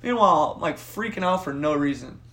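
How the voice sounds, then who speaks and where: A young man co-hosting a podcast, telling a profane story in a casual, animated way and acting out the voices in it. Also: on the high side, brisk. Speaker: podcast co-host.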